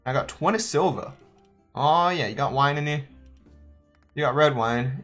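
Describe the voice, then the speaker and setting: A man's voice: mid-range voice, normal speed, fairly bright tone, soft background music. A man giving joking, chatty let's-play commentary, thinking aloud as he plays. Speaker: gaming YouTuber.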